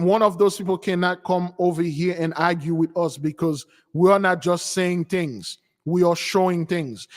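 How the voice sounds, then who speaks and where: Male preacher, sermon style, stumbling restarts, long reverb behind him. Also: fairly high pitch. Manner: repetitive, stumbling restarts, exhorting.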